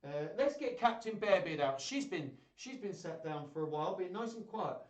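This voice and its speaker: Lively kids' entertainer man. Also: sits high, normal speed, roomy sound. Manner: chatty, animated and playful. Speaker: children's entertainer. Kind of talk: live-streamed kids' singalong chat.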